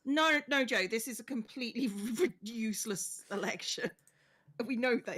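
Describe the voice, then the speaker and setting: A woman's voice: fairly high pitch, moderate pace, a bit bright, husky. A woman co-streaming, teasing and laughing often in casual chat.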